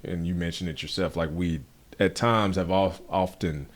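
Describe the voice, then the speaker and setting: A man's voice: sits low, steady tone, normal speed. A man hosting a podcast interview, who reflects thoughtfully and often checks in with "right?". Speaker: podcast host.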